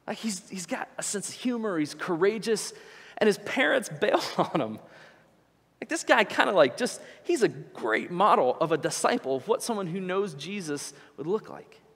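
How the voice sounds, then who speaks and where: A young man preaching a sermon in a church, conversational and animated as he tells stories. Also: sits high, moderate pace, long reverb tail. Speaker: pastor. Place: church sanctuary.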